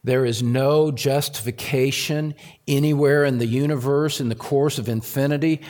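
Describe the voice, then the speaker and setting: A man preaching a sermon as pastor, earnest, with rhetorical questions and slow answers, sometimes rising to loud emphasis. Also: fairly even intonation. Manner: rises to loud high emphasis.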